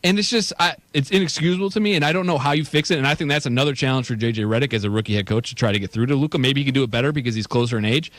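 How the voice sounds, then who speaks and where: A man co-hosting a sports talk radio show, talking in an animated, exasperated way. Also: medium pitch, racing, hardly any pauses, no echo. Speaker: radio co-host.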